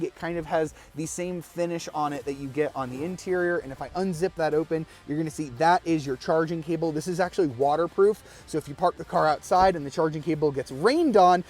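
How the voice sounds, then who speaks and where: A man's voice: fairly high pitch, darkish tone. A man presenting a car walkaround review in an enthusiastic, conversational way, walking around a car and sitting inside it. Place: beside and inside a parked car.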